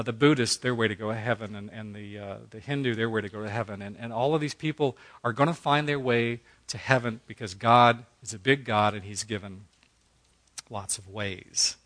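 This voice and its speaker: A man's voice: medium pitch, fairly even intonation, brisk, fairly bright tone. A middle-aged man teaching a Bible study in a conversational preaching style, earnest and folksy, acting out quotes as he goes.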